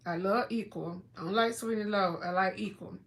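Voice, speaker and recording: A woman hosting a casual livestream from home, chatting and reading food labels aloud in a drawn-out way with plenty of fillers. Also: medium pitch, gravelly, a bit bright. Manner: chatty, slow, drawn-out words, many fillers. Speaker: livestream host.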